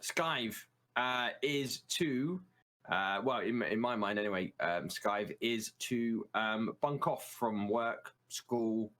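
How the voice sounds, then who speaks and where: A British man from the United Kingdom chats casually as a guest, explaining words with plenty of ums and restarts. His voice is lowish and slow, with a fairly bright tone, and his manner is hesitant.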